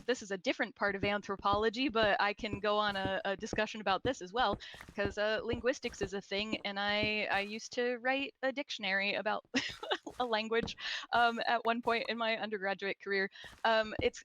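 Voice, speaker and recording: A woman's voice: mid-range voice, a bit bright, a little hiss or hum, low-quality recording. A woman from Scotland, an archaeologist, in casual chat, explaining at length with laughs. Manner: chatty and explanatory, with frequent laughs.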